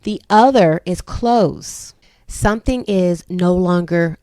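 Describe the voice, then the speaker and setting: Slow, patient homeschool mom teaching phonics. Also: female voice, lowish voice, mellow, no echo, studio quality. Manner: slow, patient, explaining step by step. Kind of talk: phonics lesson for her children.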